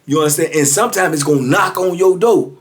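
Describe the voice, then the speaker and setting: A man's voice: sits high, quick pace. A man in his fifties telling prison stories in a casual monologue, laughing often and dropping "man" into almost every line. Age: 50s. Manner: animated, laughs often, says "man" constantly. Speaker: former prisoner storyteller.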